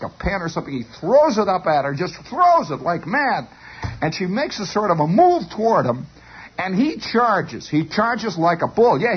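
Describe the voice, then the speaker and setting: A man telling a long rambling story on the radio, animated and stammering, on a dull lo-fi broadcast. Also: high-pitched, breathy edge. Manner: animated, stammering repetitions, chuckling.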